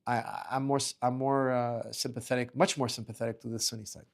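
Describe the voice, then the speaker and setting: A middle-aged male martial arts coach with a gravelly, slightly fried voice, talking loosely during a livestream Q&A. He reads viewers' questions aloud, then answers in a rambling way, repeating and restarting his words as he goes. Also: medium pitch, little pitch movement, quick pace. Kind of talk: casual livestream Q&A.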